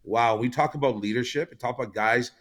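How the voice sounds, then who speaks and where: A man's voice: medium pitch, fast talker, a bit bright. A man from Canada, a podcast guest, telling a long story in casual chat with lots of fillers and restarts. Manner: rambling storytelling with many fillers.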